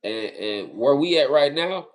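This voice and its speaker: A man's voice: mid-range voice, animated, measured pace. A man from California co-hosting a casual livestream, talking earnestly and often repeating phrases. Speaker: livestream co-host.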